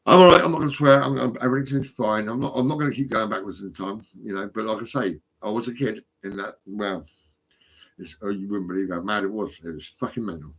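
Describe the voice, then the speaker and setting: A man's voice: fairly low pitch, fairly even intonation, fairly quick, breathy edge. A middle-aged man, talking to his phone in a rambling, profane, agitated monologue that swings between mumbles and outbursts. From England. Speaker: vlogger.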